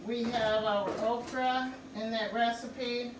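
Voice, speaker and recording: Woman walking thru a recipe real slow, keeps saying guys, echoey kitchen w faint hum. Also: a little high, steady tone. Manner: slow, repetitive, says "guys" often. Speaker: cooking channel host. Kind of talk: casual cooking tutorial.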